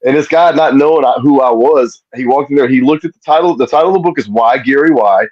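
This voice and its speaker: A man's voice: mid-range voice, fast, a little mellow, no room sound. A man, a podcast guest telling stories in casual chat over a call. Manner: laid-back storyteller. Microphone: earpiece on video call. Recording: dull lo-fi sound.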